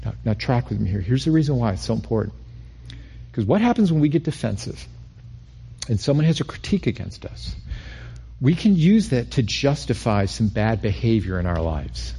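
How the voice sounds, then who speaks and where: A middle-aged man delivers a sermon with a slightly husky voice. He talks in a loose, conversational way, stumbling into restarts, then climbing in pitch to press a point home. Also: very animated, normal speed, warm tone. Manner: conversational preaching with repeated restarts and rising emphasis. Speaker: pastor.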